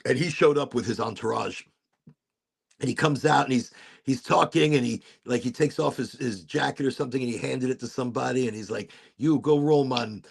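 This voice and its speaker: Gravelly-voiced man telling rambling stories. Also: mid-range voice, fairly quick. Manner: rambling storyteller, laughs often. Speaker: podcast host. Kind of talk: casual chat.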